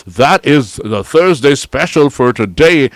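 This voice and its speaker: A man's voice: mid-range voice, expressive, unhurried, no room sound. A man with an Antiguan accent hosting a radio show, chatting casually and reading out lunch specials with relish. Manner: chatty, chuckling, savoring the food aloud. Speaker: radio host.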